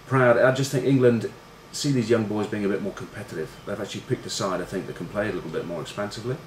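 A middle-aged former rugby player rambles through stories with plenty of swearing, fillers and self-mockery. His voice sits a bit low. The room is echoey, with a faint background hiss. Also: fast talker. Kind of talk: casual storytelling. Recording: roomy room echo with faint noise.

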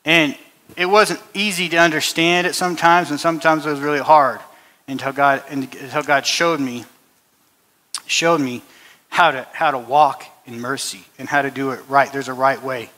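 A man's voice: mid-range voice, fairly even intonation, normal speed, bright, forceful tone. A man preaching a sermon and telling a personal story, earnest, with frequent restarts and repetitions. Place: church hall. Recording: long hall reverb.

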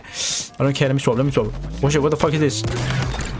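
A young man reacting to his own gameplay, quick to trash-talk and full of slang. He sounds excitable and cocky. Game music plays clearly behind him. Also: medium pitch. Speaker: gamer. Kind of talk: live gameplay commentary.

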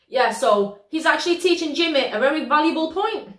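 A British woman with a fairly high voice gives slangy, animated reaction commentary. Her voice rings out in a roomy, echoey space, and she laughs easily. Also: brisk. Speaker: reaction video host. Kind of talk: excitable casual reaction commentary.

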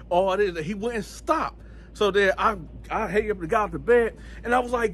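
A man telling a story casually to camera, lively and acting out other people's voices. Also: sits high, moderate pace. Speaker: channel host telling prison stories.

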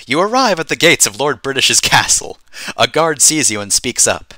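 Guy streamer reading out a text adventure, lively and bright, dry close mic. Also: medium pitch, normal speed, no echo. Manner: animated reading, chuckling at the story.

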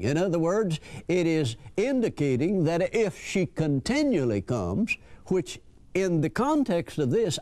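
A man's voice: fairly high pitch, a little mellow. Folksy older man preaching. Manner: folksy, chuckling, acts out quoted voices. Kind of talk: sermon.

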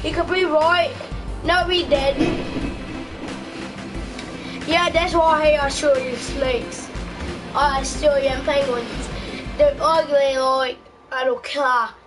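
High-pitched, slow gameplay commentator. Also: fairly even intonation, low-quality recording. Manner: loud, yelps and shouts at the game. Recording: music playing loudly behind. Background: loud music.

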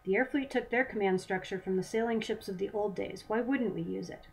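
A woman's voice: medium pitch, brisk, creaky, darkish tone, slight background noise, lightly acted. A cool, defiant woman commanding an airship, dry and guarded as she bargains, voiced by the woman reading her novel. It sounds like a storybook read aloud.

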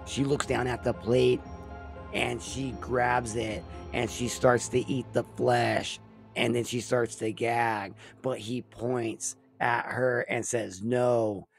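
A man slowly retelling the plot of a horror film as a storyteller. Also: medium pitch, level tone, gravelly, slightly rough, soft background music.

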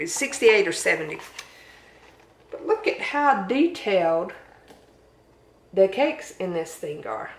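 A Southern woman chats in a relaxed, homey way, her voice sitting on the lower side. She talks casually to her viewers about her finds. The room around her rings with echo. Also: a little hiss or hum. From Southern United States. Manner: chatty, homey, laughs at herself. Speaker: thrift haul vlogger. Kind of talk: casual show-and-tell chat. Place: home dining room.

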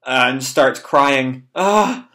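A man's voice: medium pitch, normal speed, sharp tone. A young man reading and reacting to a manga chapter in casual, rambling talk with swearing and lots of fillers.

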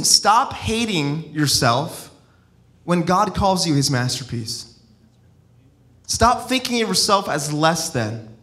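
Middle-aged guy preaching in church, kinda high voice, rambly storytelling, lots of restarts. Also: fairly bright tone. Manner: free-flowing, personal storytelling with many restarts. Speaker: evangelist-missionary. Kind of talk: sermon.

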